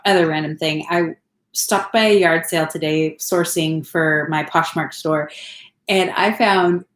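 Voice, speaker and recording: A woman's voice: sits low, fairly even intonation, a little slow, a bit bright, echoey room, slight background noise. A woman in her thirties from California, chatting casually on a home live stream, rambling and laughing often. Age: 30s. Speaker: vlogger. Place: home, indoors.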